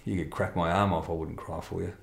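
A man's voice: low-pitched, fairly even intonation, quick pace, gravelly, reverberant. A middle-aged man telling a candid personal testimony in conversation, blunt and rambling with restarts and mild swearing. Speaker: interview guest.

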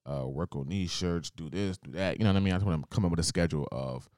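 A man with a very deep, low voice talks casually, rambling through his plans at an easy, relaxed pace. The recording is dry and close, with no room echo. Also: fast. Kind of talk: casual chat.

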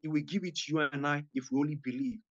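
A woman's voice: deep voice, steady tone, fast, dull audio. A woman preaching as a guest evangelist, making fervent, repetitive appeals to her listeners.

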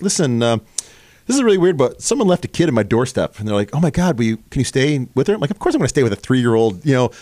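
Animated man telling a story. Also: medium pitch, no room sound. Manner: animated storyteller, acts out voices. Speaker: podcast host. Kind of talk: casual storytelling chat.

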